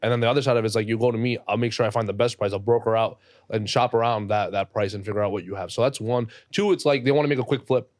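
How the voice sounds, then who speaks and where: A young man in his twenties rattles off stories in quick, animated street slang, swearing as he goes. He talks at a very fast clip. The recording is close and dry, with no room sound. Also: fairly low pitch, dry recording. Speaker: jeweler guest. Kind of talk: casual podcast conversation.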